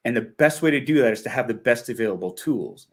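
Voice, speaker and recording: A middle-aged man with a Canadian accent speaks as a guest in a relaxed interview. He is earnest and thoughtful, breaking into easy laughter, at a medium pitch. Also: fast talker. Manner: earnest, reflective, laughs often. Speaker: guest actor. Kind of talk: casual interview.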